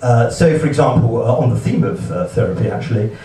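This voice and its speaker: A man doing a stand-up set at a live gig, talking in a hesitant, halting way with many fillers and restarts. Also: mid-range voice, expressive, dark tone. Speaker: stand-up comedian. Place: comedy venue, heard from the hall with a laughing audience. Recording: echoey hall, distant mic, audience laughter.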